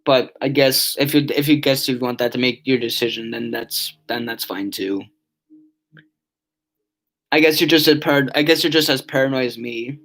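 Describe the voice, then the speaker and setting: A man's voice: medium pitch, normal speed, a bit bright. A tired young man chatting on a casual live stream, reading chat aloud and rambling with many restarts and fillers. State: yawning, tired.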